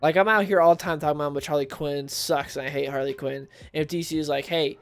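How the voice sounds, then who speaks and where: A man's voice: fairly high pitch, steady tone, fast, clear, resonant tone, faint music behind. A man hosting a casual livestream about comics, chatting with viewers and reading recaps aloud. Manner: chatty, reads chat and recaps aloud, laughs at own jokes.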